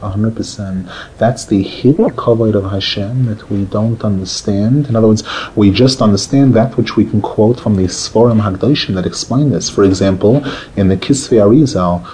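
Male rabbi, mellow tone, lively lecturer who acts out quotes. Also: normal speed, a little hiss or hum, poor audio. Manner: animated, acts out quotes with rising pitch, drops to a murmur. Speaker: rabbi teaching a Torah class. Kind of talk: Torah lecture.

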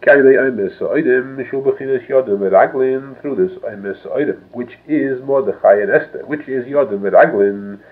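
A religious teacher gives a traditional text lecture, reading a passage and then explaining it phrase by phrase. His mid-range voice moves at a moderate pace with hardly any pauses, and the sound is narrow, lo-fi, and phone-like.

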